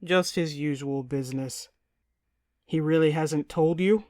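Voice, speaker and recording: A woman reads a nervous young prince in a storybook, earnest and measured, his voice a touch lowered. The sound is dry and close. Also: darkish tone, dry recording. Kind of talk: audiobook character reading.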